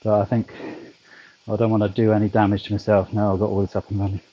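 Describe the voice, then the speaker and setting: On a turbo trainer in his back garden, a British vlogger rambles to his livestream with plenty of ums and dry humour. His lowish voice is completely flat and fast. The recording has its highs cut off.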